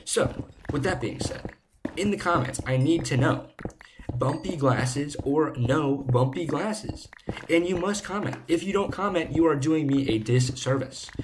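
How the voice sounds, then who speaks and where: A young man hosting a gaming channel, chatting casually and rambling playfully while he plays, recorded on a low-quality home microphone. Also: noisy background. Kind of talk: casual chat while playing. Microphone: low-quality desk microphone.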